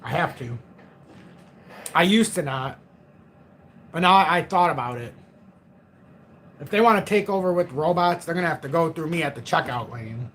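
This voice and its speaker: A man's voice: fairly high pitch, lively intonation, moderate pace, long pauses, fairly bright tone, slight background noise. A man in his forties hosting a crypto livestream, chatting casually in a rambling, joking, self-mocking way. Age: 40s.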